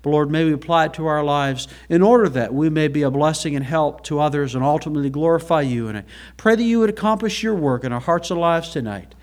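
A man's voice: on the high side, quick pace. A male pastor preaching a sermon to a church congregation, earnest and folksy, with rhetorical questions.

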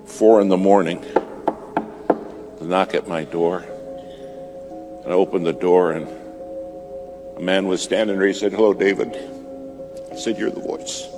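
A man preaching a sermon, telling a story with dramatic swings from loud to hushed. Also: low voice. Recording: music bed behind voice.

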